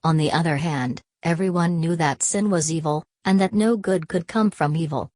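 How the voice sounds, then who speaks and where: A woman narrating a novel as an audiobook in an even storytelling read. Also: low-pitched, normal speed, no echo. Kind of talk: scripted narration.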